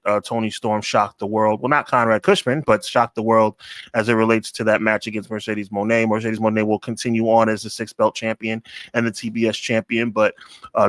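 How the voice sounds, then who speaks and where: A man hosting a wrestling podcast, giving emphatic opinions and slowing down to stress key points. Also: fairly low pitch, a bit bright, dry recording. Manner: emphatic, deliberate, stretches words for emphasis. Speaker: podcast host. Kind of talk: casual podcast review.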